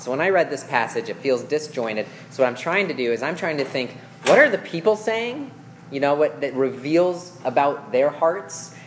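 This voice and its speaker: Male preacher, mid-pitched, relaxed explainer who quizzes his listeners, faint noise behind. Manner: reads scripture aloud, then explains it; checks in with listeners with questions and "okay?". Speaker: preacher teaching a Bible passage. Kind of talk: conversational Bible teaching.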